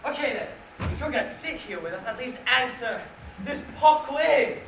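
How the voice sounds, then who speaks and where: A performer in a school stage play, playing a teasing, eccentric tea party host with a brisk manner. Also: female voice, sits high, animated, gravelly. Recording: echoey stage from far off, noisy.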